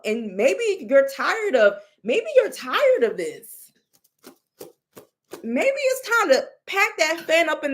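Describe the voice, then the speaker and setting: Animated woman telling a story. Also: high voice. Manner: expressive, exclaims and mimics others, many restarts. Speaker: storyteller recounting a reading.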